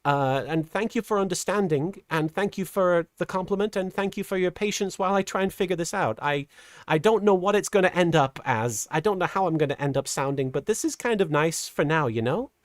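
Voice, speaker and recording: A middle-aged woman streamer chatting casually while reading super chats, earnest and halting, with a softened feminine voice. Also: lowish voice, animated, no echo, studio quality. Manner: earnest, halting with many restarts; voice softened toward a feminine sound. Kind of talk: casual livestream chat.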